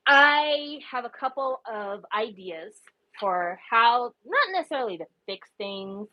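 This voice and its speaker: A woman's voice: medium pitch, no room sound, dull audio. A woman giving impassioned, profane casual commentary, her voice rising in anguished outbursts. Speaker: K-pop commentary vlogger.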